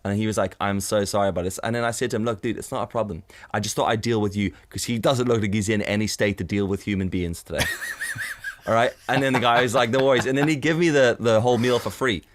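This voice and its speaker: A man's voice: lowish voice, quick pace, a little hiss or hum. Swearing, storytelling man. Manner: animated anecdote-telling, swears freely, acts out quotes. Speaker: podcast co-host. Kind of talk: casual chat, storytelling.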